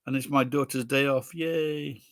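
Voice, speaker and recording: A man's voice: mid-range voice, fairly even intonation, measured pace, a bit bright, no room sound, clean studio sound. A man in his sixties with a Sheffield accent, hosting a livestream in casual chat, bluntly answering viewers' questions and swearing freely. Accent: Sheffield English. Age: 60s. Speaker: livestream host reading viewer comments.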